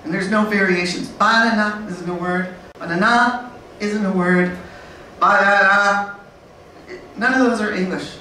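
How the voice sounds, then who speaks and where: A woman speaking on a conference panel in a lively, blunt way, acting out learners and babies. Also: on the low side, a little fast. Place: conference room. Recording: very echoey room from far off, faint noise.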